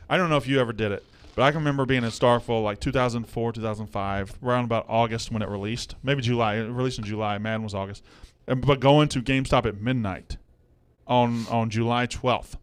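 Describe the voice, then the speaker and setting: A man's voice: medium pitch, clean tone. Profane, heated male sports-betting host. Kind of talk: casual sports betting chat.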